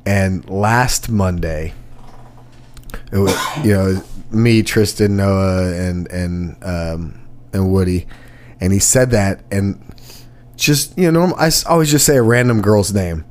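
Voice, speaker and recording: A man's voice: deep voice, takes it slowly, a little mellow. A man who co-hosts a podcast and gigs as a musician, telling band stories in a casual, rambling chat full of restarts. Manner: rambling storyteller with many restarts. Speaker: podcast co-host and gigging musician.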